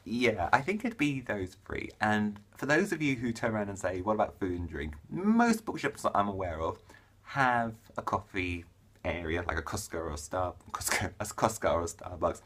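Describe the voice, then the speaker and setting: A young man from England talks to camera about books in a chatty, jokey way. His voice is somewhat low and husky, and his pitch swings widely as he riffs and corrects himself. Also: very animated, normal speed, fairly bright tone. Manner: chatty, jokey, self-interrupting. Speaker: book vlogger. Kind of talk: casual vlog chat.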